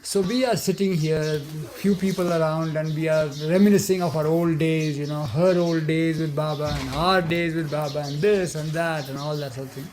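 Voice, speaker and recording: A man's voice: a little high, fairly even intonation, moderate pace, hardly any pauses, a little mellow. An older man telling a remembered story in a rambling way, full of trailing asides and restarts. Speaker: devotee recounting memories. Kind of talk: rambling spoken reminiscence.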